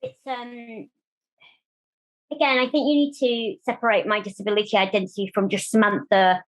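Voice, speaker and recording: A German woman with a voice on the high side speaks at normal speed as a guest on an interview show. A disability rights campaigner, she talks candidly and animatedly about her life, chatty and acting out the voices she quotes.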